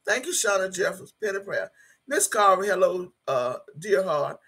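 A woman hosts a casual livestream and reads her viewers' comments aloud. Her voice is gravelly and husky with a rough edge. She talks bluntly, swears freely and slips into prayer. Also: medium pitch, very animated, moderate pace, a bit bright. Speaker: YouTube live streamer.

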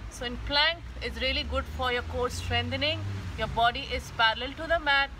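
A woman yoga instructor leading a mother-and-child yoga class, giving slow, gentle step-by-step instructions. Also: high-pitched, background noise.

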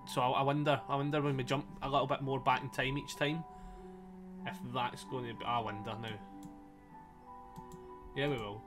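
Speaking at a moderate pace in a mid-range voice with fairly even intonation and frequent pauses, a man comments casually on a story game he's playing live. His voice is slightly strained as he jokes with chat, laughs often, and swears freely, with faint soundtrack music behind.

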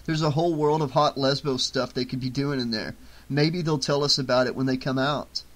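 A man's voice: medium pitch, steady tone, a little fast, fairly bright tone, close to an everyday voice. A man voicing a crude, brash young guy in an audiobook. He talks bluntly and sarcastically, impatient with everyone around him. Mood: scoffing.

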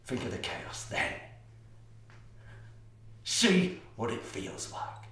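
An actor playing an order-obsessed psychopath. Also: male voice, mid-range voice, wildly swooping pitch, sharp tone, heavily acted. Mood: gloating. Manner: slow, intense, swinging from whispers to outbursts. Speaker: stage actor. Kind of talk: theatrical monologue. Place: theatre stage. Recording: distant, echoey stage recording.

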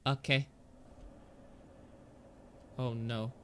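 A young man commenting on a horror game he is playing, excitable, yelling, laughing and talking back to the characters. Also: mid-range voice, drawn-out words, background noise. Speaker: gaming YouTuber.

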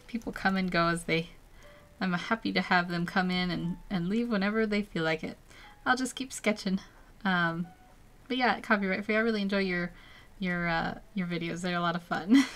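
A woman's voice: fairly low pitch, a bit bright. A woman chatting casually to a live-stream audience as she sketches a character. She rambles, laughs often and uses many fillers. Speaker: artist streaming a live drawing session. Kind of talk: casual live-stream chat while drawing.

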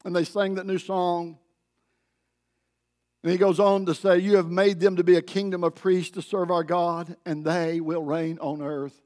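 A man preaching a sermon as pastor, leading the congregation in call-and-response and building to loud, emphatic declarations. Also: high-pitched, little pitch movement, normal speed. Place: church sanctuary.

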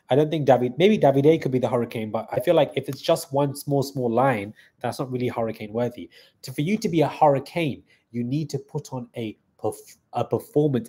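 Man, live-stream host, casual chatty talk, reads and answers viewer comments, mellow warm tone. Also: mid-range voice, husky. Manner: chatty, thanks viewers and answers chat on the fly.

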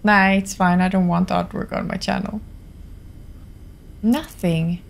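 A woman's voice: on the low side, steady tone, unhurried, vocal fry. A young woman from Finland with a Finnish accent, chatting through a horror game stream, jumpy and often dropping to a whisper. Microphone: desktop studio mic.

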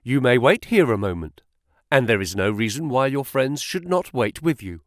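A man voicing a terrified male office manager who speaks fast with strained politeness. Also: mid-range voice, big pitch swings, no echo, clean studio sound. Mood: nervous. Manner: hurried, nervous, strained politeness.

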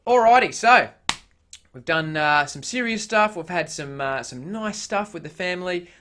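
A man's voice: sits high, expressive, normal speed, sharp tone, a little hiss or hum. An Australian man vlogging casually, blunt and heavily profane, with frequent filler sounds. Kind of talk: casual vlog chat.

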